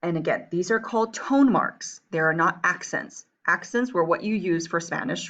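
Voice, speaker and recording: In this textbook-based recorded lesson, the teacher's voice is lowish and a bit bright, moving at a moderate pace with hardly any pauses. She has a New Jersey accent, grew up between Taiwan and the United States, and checks understanding with "right?" and "okay?"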